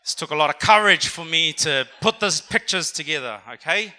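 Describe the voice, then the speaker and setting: A young man preaches to a church congregation in an energetic, conversational way, often asking them to repeat words back to him. His voice sits high, with a very bright, forceful edge. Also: fairly quick. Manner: energetic, conversational, calls for audience response. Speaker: pastor. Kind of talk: sermon. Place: church auditorium.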